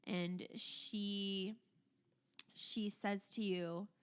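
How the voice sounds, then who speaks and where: A woman game master narrating a tabletop game in a smooth, clear voice. Her narration is casual and loose, with fillers. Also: mid-range voice, steady tone, very slow.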